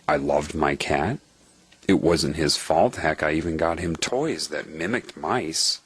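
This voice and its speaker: A man giving a spiritual monologue, telling a personal story in an animated way and repeating phrases for emphasis. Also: sits low, breathy edge, dry recording. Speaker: spiritual speaker. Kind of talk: lecture-style monologue.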